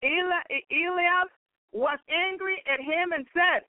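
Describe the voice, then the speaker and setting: A man's voice: extremely high pitch, measured pace, dry recording. A man preaching, reading scripture aloud and breaking in with exclamations of praise and laughter. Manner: exclaims praise and laughs between read passages. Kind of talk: sermon reading and commenting on scripture. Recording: tinny phone-line radio broadcast.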